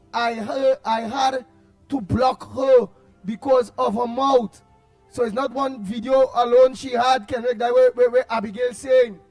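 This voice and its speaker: A man with a Trinidadian accent hosting a casual call-in radio show, excitable and repeating his words as he reads out listener messages. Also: very high voice, no room sound.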